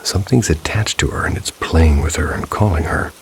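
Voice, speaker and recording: A man voicing an old female village healer who gives calm, cryptic warnings in a slow, hushed way. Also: very deep voice, creaky, a little hiss or hum.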